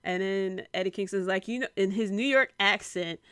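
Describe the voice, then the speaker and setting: Chatty young woman with a smooth, dry voice. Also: medium pitch, normal speed, dry recording. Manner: chatty, many fillers, quotes people in animated bursts. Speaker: podcast host reviewing wrestling. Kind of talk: casual solo review.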